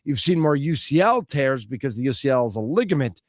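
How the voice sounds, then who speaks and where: A man's voice: mid-range voice, big pitch swings, brisk, dry recording, studio quality. A man hosting a sports radio show, reading out listener texts and bantering with his co-host. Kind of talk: casual sports radio chat.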